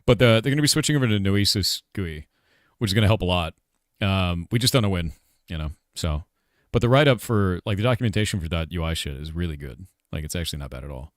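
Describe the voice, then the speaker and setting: Speaking quickly in a voice that sits low, this forties-aged game developer rants and curses through a casual live stream chat. "Like" and "dude" keep recurring in his speech. The recording is dry and studio quality.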